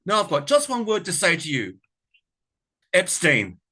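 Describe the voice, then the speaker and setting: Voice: medium pitch, wildly swooping pitch, measured pace, pushed and bright, a little hiss or hum, voice pushed up, heavily acted. A man voicing a brash, mocking sitcom mother with an Australian accent, repeating her taunt in a raised voice. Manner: taunting, emphatic repetition.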